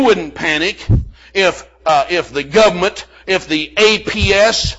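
Older man, preacher, folksy storytelling, bright tone, muffled lo-fi sound. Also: sits high, unhurried. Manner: folksy storytelling with frequent "amen" and "you know". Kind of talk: sermon with personal story. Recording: muffled lo-fi recording.

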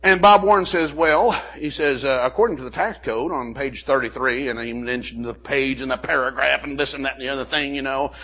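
A man's voice: medium pitch, fairly even intonation, a little fast, hardly any pauses, bright, forceful tone. An older man preaching a sermon, telling a folksy personal story full of "amen" and "you know" asides. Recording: muffled lo-fi recording.

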